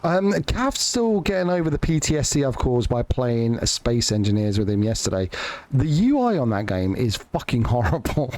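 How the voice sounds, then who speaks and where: A man's voice: medium pitch, very animated, moderate pace, a little mellow, no echo. A man live-streaming a farming game, chatting casually to viewers with jokes, swearing and lots of restarts. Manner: joking, sweary, rambling with restarts.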